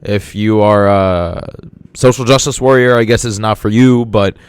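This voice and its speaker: A man's voice: lowish voice, measured pace, clean tone, dry recording. A man hosting a podcast in a casual monologue, rambling and repeating words with enthusiasm. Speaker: podcast host.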